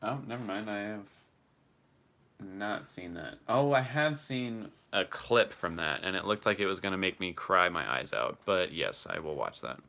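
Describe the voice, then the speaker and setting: A man's voice: low voice, lively intonation, moderate pace, creaky, sharp tone. A man chatting casually on a live stream and answering his chat, laughing often and swearing freely.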